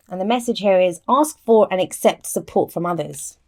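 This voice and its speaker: Speaking at a moderate pace in a lowish voice, a tarot reader chats to camera as she explains each card in a casual reading. She frequently restarts her sentences and uses the phrase "I always say," with a microphone close enough to reach.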